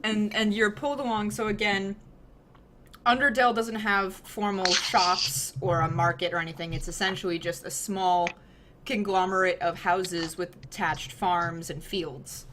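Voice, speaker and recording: A young woman narrating a tabletop fantasy game as the game master, describing the scene with relaxed fillers and hedges. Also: mid-range voice, measured pace, noisy background.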